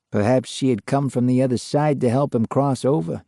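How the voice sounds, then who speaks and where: An older man narrating a true ghost story in a slow, measured way. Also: mid-range voice, dark tone, no echo, clean studio sound.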